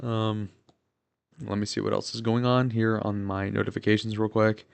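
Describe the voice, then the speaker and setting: A man's voice: fairly low pitch, flat delivery, normal speed, gravelly, clean tone. A young man in his twenties chatting casually on a livestream, rambling with lots of fillers and swearing. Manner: rambling, filler-heavy, profane.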